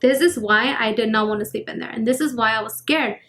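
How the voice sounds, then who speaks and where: A woman's voice: on the high side, brisk, a bit bright. A woman in her twenties telling a personal story in a casual vlog, chatty and full of fillers, acting out the scenes. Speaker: YouTuber. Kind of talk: casual storytelling while getting ready. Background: faint background music.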